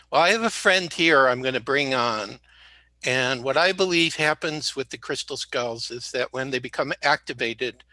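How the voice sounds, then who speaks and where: A man's voice: mid-range voice, sharp tone, dry recording. A man speaking as a guest, rambling and joking as he talks and correcting himself mid-sentence, slightly sick. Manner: rambling, jokey, self-correcting. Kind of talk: casual interview talk.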